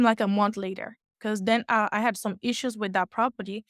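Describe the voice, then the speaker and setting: A woman, telling her story as an interview guest, acting out the people she quotes and correcting herself quickly as she goes. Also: mid-range voice, no room sound, clean studio sound. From West Africa. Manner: animated retelling with acted-out quotes and quick self-corrections. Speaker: guest, real estate investor.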